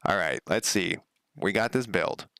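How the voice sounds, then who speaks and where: A man's voice: sits low, expressive, a little slow, vocal fry, bright, forceful tone, clear, resonant tone, dry recording. A middle-aged man giving casual, rambling commentary as he codes a game, talking to himself and laughing at his own slips. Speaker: game developer streaming his coding. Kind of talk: casual live coding commentary.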